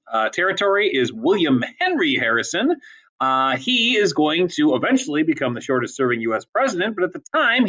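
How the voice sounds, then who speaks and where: A man teaching a history class in a casual, chatty lecture style, with many ums and quick asides. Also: on the high side, fairly bright tone, dull audio.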